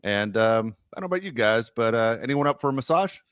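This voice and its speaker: A man's voice: mid-range voice, lively intonation, quick pace, fairly bright tone, smooth, no echo, clean studio sound. A man hosting a casual sports podcast, joking and rambling with plenty of fillers. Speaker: podcast host.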